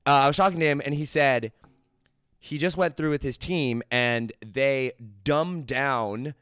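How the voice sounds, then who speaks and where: A man in casual business conversation, telling stories in an animated way and acting out the dialogue he quotes. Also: medium pitch, measured pace, clear, resonant tone, no echo, clean studio sound. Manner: animated storyteller who acts out quoted dialogue.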